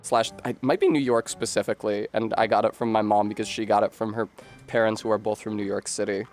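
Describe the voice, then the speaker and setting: A man's voice: on the low side, little pitch movement, fast talker, darkish tone, faint music behind. A man with a Rhode Island accent, chatting casually and wordily while streaming a game. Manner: articulate, wordy, self-mocking. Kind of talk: casual gaming livestream chat.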